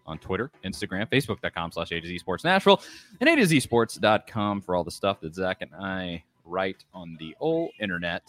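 A man's voice: fairly low pitch, bright, forceful tone. Male sports podcast host: loose, joking at his own slips, voice swinging up and down. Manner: self-deprecating, rambling with restarts. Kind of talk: casual sports podcast chat.

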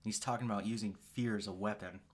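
A man's voice: on the low side, fairly even intonation, quick pace. A man co-hosting a podcast, casually and animatedly retelling movie scenes, with some swearing. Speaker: podcast co-host. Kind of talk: casual chat.

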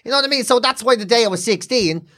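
A man's voice: very high voice, expressive, rapid-fire, bright, forceful tone. A man on a podcast telling stories in a blunt, sweary casual chat.

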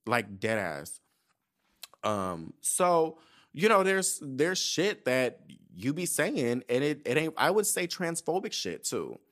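A man in his thirties hosting a podcast, telling stories in a casual, profane, animated way and acting out the people he quotes. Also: on the high side, takes it slowly. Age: 30s. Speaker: podcast host. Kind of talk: casual chat.

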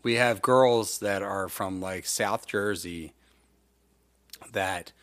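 A man's voice: on the low side, takes it slowly, fairly bright tone. A man chatting casually as co-host, chiming in with agreement and teasing. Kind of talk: casual chat.

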